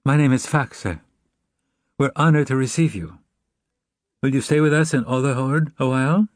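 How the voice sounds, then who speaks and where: A man voicing a serene, soft-spoken male mystic seer, speaking calmly and gently. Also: no echo, studio quality, natural voice. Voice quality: soft, rather high voice. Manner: calm, gentle, unhurried. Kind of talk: audiobook character voice.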